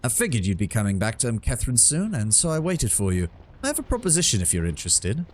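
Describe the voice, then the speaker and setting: A man voicing a shifty, smooth-talking adult male smuggler captain in a vaguely British put-on accent while reading game dialogue aloud. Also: mid-range voice, huge pitch swings, fast talker. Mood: scheming.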